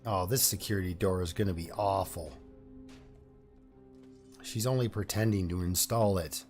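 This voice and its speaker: A man's voice: low-pitched, moderate pace, darkish tone, soft background music. A man giving casual let's-play commentary, thinking aloud with fillers and restarts as he plays. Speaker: gameplay commentator.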